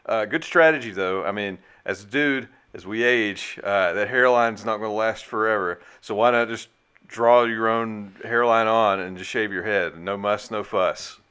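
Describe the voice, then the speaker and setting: Smooth dry-humored man. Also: lowish voice, normal speed, pushed and bright. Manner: dry, jokey. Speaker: reaction video co-host. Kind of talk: casual commentary.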